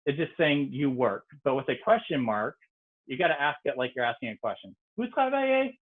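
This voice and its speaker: Over tinny video-call audio, a man with a medium-pitched, slightly rough voice speaks briskly. A native English speaker, he teaches an online French lesson, explaining things casually with frequent ums.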